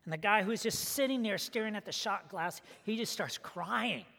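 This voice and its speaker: A male pastor giving a sermon. He opens in a soft, prayerful tone, then tells a story and acts out its characters with lively delivery. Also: high-pitched, moderate pace, gravelly. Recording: long hall reverb.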